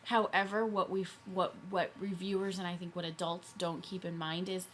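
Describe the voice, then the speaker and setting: A woman who works as a teacher co-reviews a movie in casual chat, emphatic and animated as she tells stories. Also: fairly low pitch, normal speed, a little hiss or hum.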